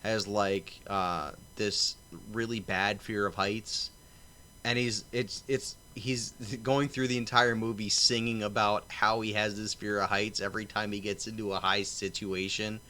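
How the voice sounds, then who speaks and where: A man's voice: lowish voice, level tone, a little slow, sharp tone. A man co-hosting a casual chat, rambling through anecdotes and retelling stories in quoted voices. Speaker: podcast co-host.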